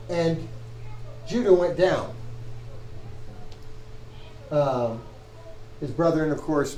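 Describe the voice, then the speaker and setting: A man with a somewhat high voice lectures a Hebrew reading class, stopping to restart his sentences as he works through the text. The room is echoey. A faint hum of ambience sits underneath. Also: darkish tone. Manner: thinking aloud, halting restarts, parsing text on a board.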